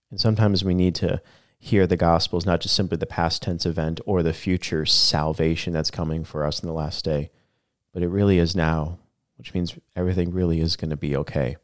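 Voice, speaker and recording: Deep-voiced man, reflective pastor. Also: little pitch movement, brisk, no echo, clean studio sound. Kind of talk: casual podcast chat about a sermon.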